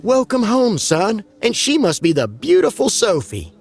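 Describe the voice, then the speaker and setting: A man voicing a gentle, welcoming mother in a spooky story. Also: sits high, huge pitch swings, measured pace, breathy edge, pitched above the performer's own voice, heavily acted. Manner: gentle, warm.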